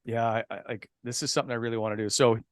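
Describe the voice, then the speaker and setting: A man from New Brunswick, a broadcaster and podcast guest, telling his career story in a relaxed, chatty way. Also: medium pitch, rapid-fire, no echo. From Canada, New Brunswick. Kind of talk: casual chat.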